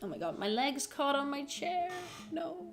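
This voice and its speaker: A woman's voice: high-pitched, sing-song, moderate pace, over music. A woman from Australia. She streams and chats casually while explaining her digital painting, giggling and repeating phrases, a bit under the weather and coughing. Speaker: streamer and artist.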